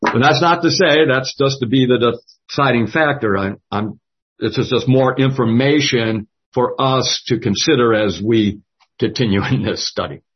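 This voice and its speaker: Man, Bible study leader, halting delivery, husky tone, muffled low-fi recording. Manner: slow and halting, with many fillers. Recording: dull lo-fi audio.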